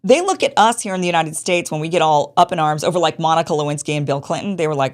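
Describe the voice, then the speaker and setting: A woman's voice: low-pitched, lively intonation, fast, hardly any pauses. A woman hosting a show, giving casual political commentary in a chatty, dismissive way and repeating her points. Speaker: show host.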